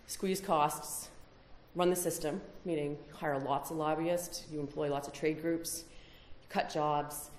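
Low-voiced woman giving a conference talk. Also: reverberant, slight background noise. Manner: emphatic, rhetorical questions. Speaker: conference speaker. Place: conference hall.

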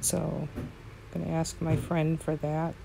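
A woman's voice: deep voice, flat delivery, unhurried, gravelly, background noise. A woman playing a horse game at home, commenting casually and fondly, exclaiming often and talking sweetly to her horses. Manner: frequent exclamations.

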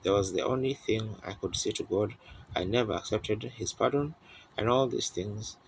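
A man's voice: lowish voice, normal speed, creaky, a little hiss or hum, rough recording. A man preaching a sermon in a tabernacle, telling a story in an earnest, rambling way with restarts, his voice a little worn on an old tape. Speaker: pastor. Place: church tabernacle.

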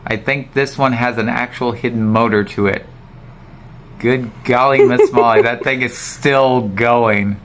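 A man hosts a playful improv bit at home, gushing with exaggerated wonder. His voice leaps from low murmurs to high squeals and hushed whispers, and he draws his words out slowly. A faint steady hum sits behind him. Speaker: family channel host. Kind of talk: comic improv about a spinning die.

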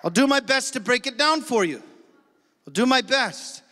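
A man's voice: very high-pitched, expressive, normal speed, sharp tone, a faint crowd. A male pastor preaching a sermon with emphatic energy, calling out to his congregation in a church sanctuary. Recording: long church hall reverb.

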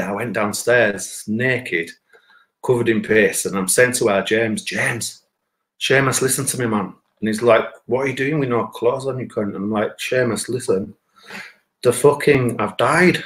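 A man telling a rambling, sweary personal anecdote, jumping up loud when he quotes himself. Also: lowish voice. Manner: sweary, animated, rises to shouts when quoting himself. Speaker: storyteller. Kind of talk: casual anecdote.

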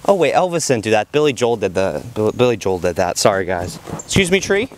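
A man playing a news reporter in a comedy sketch outdoors, talking in a deadpan, rambling way. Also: on the low side, brisk, noisy background.

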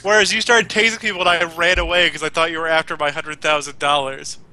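A man's voice: fairly high pitch, fairly even intonation, fast talker, sharp tone, poor audio. A man chatting casually about a game, asking the others questions. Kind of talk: casual group chat after a game.

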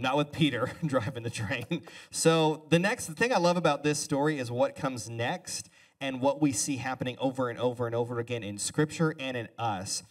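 A male pastor giving a relaxed sermon as a two-person conversation, casual and chatty with joking asides. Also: medium pitch. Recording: voice a bit far from the mic.

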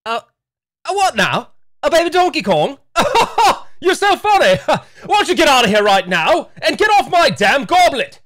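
A man voicing a pompous, wealthy company boss with a put-on British accent, shrill and blustery. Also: big pitch swings, normal speed, a bit bright, dry recording, studio quality, full character voice. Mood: scoffing.

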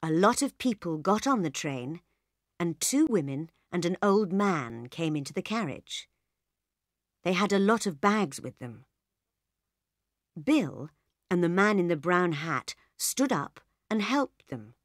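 Slow, clear woman audiobook narrator. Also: lowish voice, sing-song, no echo, studio quality. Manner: slow, clear reading for learners. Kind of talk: scripted narration of a graded reader.

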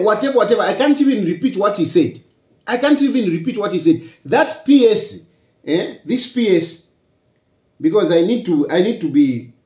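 Emphatic Zambian man, high lively voice. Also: reverberant. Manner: repetitive, emphatic, asks rhetorical questions. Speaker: political commentator. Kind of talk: casual political commentary.

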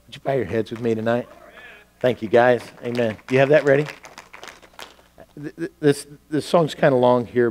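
Earnest pastor telling a story. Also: male voice, medium pitch, a little mellow. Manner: earnest storytelling with frequent restarts. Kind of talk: sermon. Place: church sanctuary.

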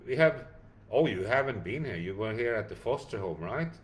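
A tired dog rescue founder with a mid-range, animated voice answers live chat at a moderate pace during a casual livestream Q&A. He reads viewer comments aloud and thanks people by name.

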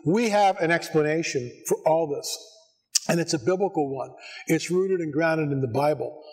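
An American man giving a lively church conference talk, full of sarcastic asides and bursts that climb to near-shouts. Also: on the high side, normal speed, breathy edge. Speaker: conference speaker. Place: church sanctuary before an audience.

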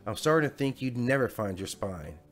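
A man's voice: mid-range voice, expressive, brisk, faint music behind, natural voice. Jeannie, a purring taunting genie, as a man puts her on. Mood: menacing. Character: taunting female genie, smug and menacing.

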